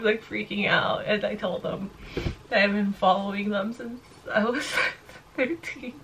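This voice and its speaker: A woman's voice: on the high side, vocal fry, fairly bright tone, slight background noise. A woman in her twenties vlogging to camera, gushing and teary, breaking into giggles often. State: teary and emotional. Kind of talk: casual emotional vlog to camera.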